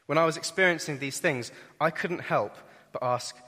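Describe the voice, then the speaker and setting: A young man preaching a sermon, earnest and emphatic, swelling and dropping in loudness. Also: a little high, moderate pace. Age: young adult. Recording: reverberant hall.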